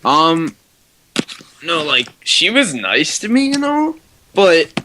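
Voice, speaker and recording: A teenage guy on a podcast speaks slowly with a fairly high, bouncy pitch. A faint hiss sits under his voice. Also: sing-song, pushed and bright. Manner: brief laid-back replies. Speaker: podcast co-host. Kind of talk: casual chat.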